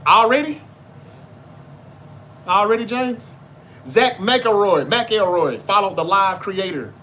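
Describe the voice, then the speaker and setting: A man's voice: sits high, slow, sharp tone, slight background noise. A Southern American man from Memphis hosting a live show, chatting casually, reading viewer comments and answering them with loose, profane talk. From Memphis, Tennessee. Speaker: livestream show host.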